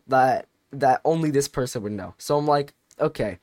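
A teenage man casually telling a long story on a podcast, rambling and animated, with many restarts. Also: mid-range voice, normal speed, no room sound, studio quality. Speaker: podcast co-host.

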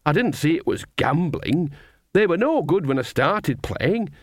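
A sly old witch woman bragging in a high, bouncy voice, as a man puts her on. She sounds quick to defend herself and full of mischief. The reading sits close and dry, with no room around it. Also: very animated, no room sound. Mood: defensive, boastful.

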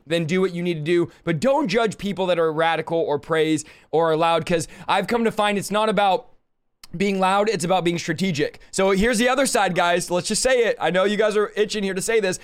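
Male preacher-host, high voice, passionate, bursts into shouts. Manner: fiery, preacherly, swings into shouting. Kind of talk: impassioned panel discussion.

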